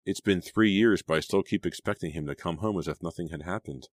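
A man's voice: low-pitched, a little fast, no room sound. Male reader doing a nervous teen girl, earnest, dry close audiobook sound. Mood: worried, earnest. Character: anxious teenage girl, aspiring actress. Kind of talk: audiobook character reading.

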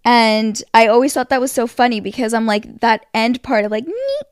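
A young woman co-hosting a podcast, chatting in a relaxed, agreeable way. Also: fairly high pitch, fairly quick, clean tone, dry recording, studio quality. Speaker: podcast co-host. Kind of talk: casual chat.

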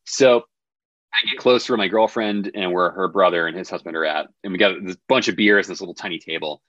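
A man's voice: low-pitched, quick pace, a bit bright, dry recording, highs cut off. A man telling a funny story as a podcast guest in a laid-back, self-deprecating way. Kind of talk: casual storytelling.

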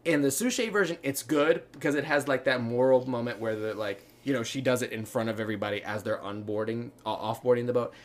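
A man with a mid-range voice talks through a film with eager enthusiasm. He piles on fillers and slips into little impressions of the characters as he goes. It sounds like casual podcast banter between co-hosts. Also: mid-range voice. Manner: enthusiastic, fast, many fillers, acts out lines. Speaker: podcast co-host.

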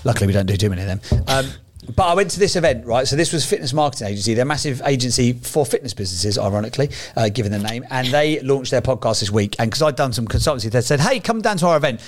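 A man's voice: medium pitch, animated, rapid-fire, background noise. A man co-hosting a podcast in casual chat, rambling and swearing freely. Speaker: podcast co-host.

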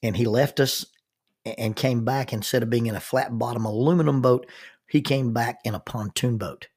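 A minister telling a personal story in an earnest, halting way, often restarting his sentences. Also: mid-range voice, a little mellow, husky.

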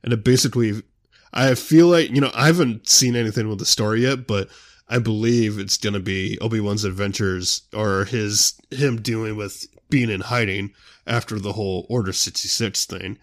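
A man's voice: fairly low pitch, steady tone, normal speed. A young man hosting his own show, chatting casually and rambling a lot. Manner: rambling, full of "you know" fillers. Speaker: show host. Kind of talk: casual solo chat.

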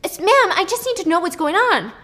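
A woman's voice: fairly high pitch, animated, a little fast, a bit bright. An arrogant, curt rich businessman, as a woman puts him on while telling a story. He talks in clipped, impatient bursts and sounds irritated at everyone around him. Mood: flustered.

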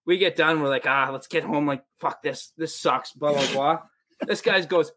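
Man, 20s, American accent, slightly high voice, casual storytelling, profane, animated quotes. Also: normal speed, a little hiss or hum. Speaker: podcast guest, pro hockey player.

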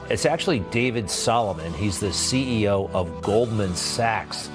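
A man hosting a commentary show, delivering a sarcastic, rambling opinion monologue between clips. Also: on the low side.

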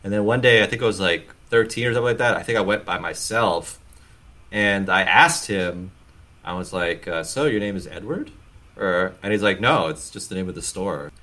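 A man's voice: low voice, sharp tone. A man hosting a casual comedy podcast, telling stories and acting out quoted lines. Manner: storytelling, quick to act out quotes. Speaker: podcast host.

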